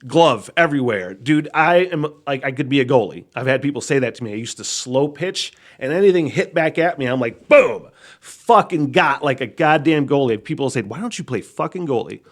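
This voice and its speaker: Guy hosting a solo podcast, swears constantly, laughs a lot, middle pitch. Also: a little fast, few pauses. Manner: profane, rambling, laughs often; animated storytelling. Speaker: podcast host.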